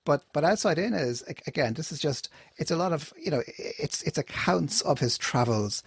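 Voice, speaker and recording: A man's voice: a little high, lively intonation, normal speed, vocal fry, breathy edge, no room sound. A man co-hosting a book podcast, talking in a thoughtful, meandering way. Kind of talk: casual book chat.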